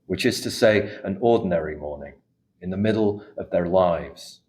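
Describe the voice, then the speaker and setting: Deep-voiced man reading poetry in an echoey café. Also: a little mellow. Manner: measured, unhurried reading, hesitant between poems. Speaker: poet. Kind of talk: poetry reading with spoken asides. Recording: echoey room recording.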